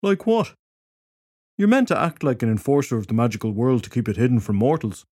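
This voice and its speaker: A man voicing a chatty, cheeky druid in an audiobook, pitched a bit above his narrating voice. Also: very animated, a little fast, darkish tone, no echo, clean studio sound.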